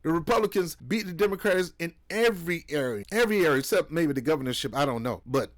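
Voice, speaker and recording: A man's voice: a little high, lively intonation, quick pace, no echo. Blunt trash-talking New man. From New York. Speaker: political commentator. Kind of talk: casual reaction commentary.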